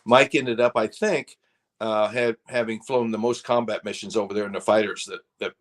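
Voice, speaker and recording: With a lowish, steady voice at normal speed, this older guest, once a fighter pilot, shares casual stories. His telling rambles, with lots of restarts and laughter.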